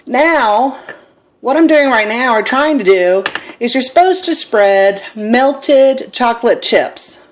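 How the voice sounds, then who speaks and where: Recording on her phone camera in her home kitchen, a middle-aged woman makes a casual cooking vlog and drifts into self-deprecating stories. Her voice is on the high side with lively intonation and a slow pace, and there's a little hiss or hum.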